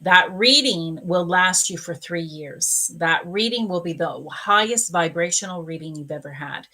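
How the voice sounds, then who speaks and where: A woman's voice: on the low side, normal speed. A woman psychic medium giving a live-stream card reading, gushing and emotional as she talks to a viewer. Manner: gushing, emotional, warm-hearted talk.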